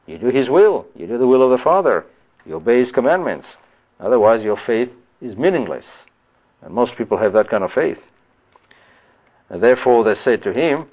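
Man preaching verse by verse, lo-fi. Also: mid-range voice. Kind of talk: verse-by-verse Bible teaching sermon.

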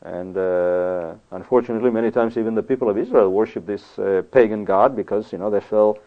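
A man's voice: on the low side, a little fast. Emphatic preacher man, tinny phone-like sound. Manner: conversational, emphatic, keeps asking "you see?". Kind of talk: sermon.

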